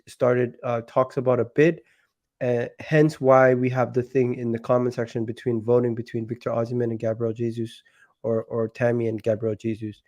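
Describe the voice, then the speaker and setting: A man hosting a casual football talk show, sounding sick and nasal, talking haltingly with many restarts. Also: mid-range voice, darkish tone. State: sick, nasal and deeper than usual. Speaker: football channel host.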